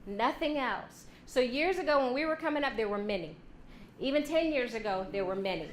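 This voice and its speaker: Woman, lively workshop talk, somewhat high voice, echoey room with faint hum. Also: fairly quick. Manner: joking and animated, acts out quoted voices. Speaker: speaker addressing a women's leadership class.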